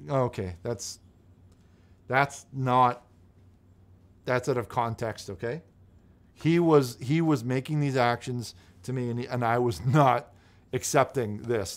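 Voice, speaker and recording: Flustered male host with halting speech. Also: medium pitch. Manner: halting, flustered, many restarts. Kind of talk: comedic call-in show hosting.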